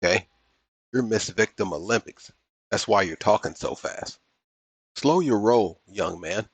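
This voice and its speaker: A man hosts a reaction commentary, mocking and blunt, with plenty of slang. His voice is husky and a bit low. The sound is dry and close, with no room around it. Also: lively intonation, a little slow, no room sound. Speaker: commentary host.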